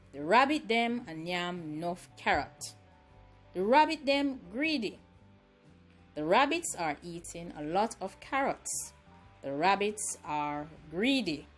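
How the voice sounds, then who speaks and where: A Jamaican woman narrates a language tutorial in a slow, careful delivery, spelling out each word. Her pitch swings widely and brightly from phrase to phrase, and soft music plays faintly behind her. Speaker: language teacher.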